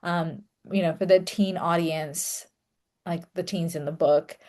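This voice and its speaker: A young woman talking casually to her audience, chatty and relaxed, with many fillers and small laughs. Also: on the low side, unhurried. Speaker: author and content creator. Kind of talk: casual solo talk to camera.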